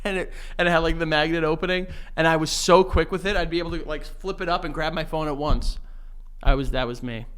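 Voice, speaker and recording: A man chats casually as a podcast co-host, relaxed and quick to laugh. His voice is crisp and forceful, sitting a little high for a man. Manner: laid-back, storytelling, quick to laugh. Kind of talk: casual chat.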